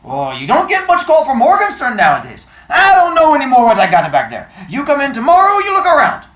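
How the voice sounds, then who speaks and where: A woman voicing a gruff older male bookseller with a thick accent, loud and haggling. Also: high voice, huge pitch swings, brisk, echoey room, voice pushed up, exaggerated voice, poor audio. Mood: grumbling.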